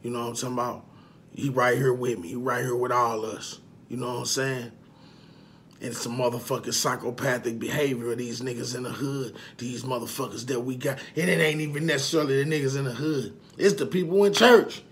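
A man with a gravelly, creaky voice talks straight to his followers in a casual vlog monologue. He drops to a low, confessional murmur at times and at others climbs into loud, repeated preaching full of profanity. His pitch sits in an ordinary middle range. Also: fairly even intonation, a little fast, a little hiss or hum. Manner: swings between quiet confessional and loud, rising outbursts. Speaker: vlogger talking to followers.

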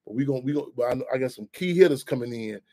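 A middle-aged man hosting a talk radio show, animated and heated, swearing freely. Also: mid-range voice, racing. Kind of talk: casual talk radio monologue.

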